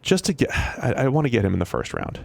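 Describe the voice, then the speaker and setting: Gravelly man talking football picks. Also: medium pitch, wildly swooping pitch, no room sound. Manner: quick, chatty, self-correcting. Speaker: podcast analyst. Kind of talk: casual sports podcast chat.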